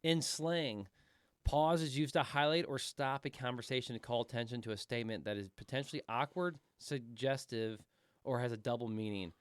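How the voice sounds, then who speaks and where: A man's voice: mid-range voice, moderate pace, clear, resonant tone, dry recording. A man in his thirties co-hosting a casual podcast, rambling, repeating words and swearing casually. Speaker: podcast co-host.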